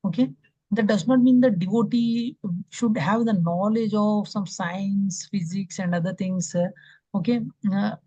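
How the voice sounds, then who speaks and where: A man's voice: high voice, fairly even intonation, unhurried, mellow, no room sound. A man, teaching an online scripture class and telling a devotional story with acted-out quotes and many fillers. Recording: dull lo-fi call audio.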